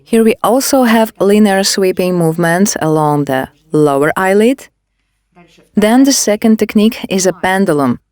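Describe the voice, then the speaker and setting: A woman demonstrating a facial care technique, giving calm step-by-step instructions. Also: mid-range voice, moderate pace, dry recording. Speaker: beauty device instructor.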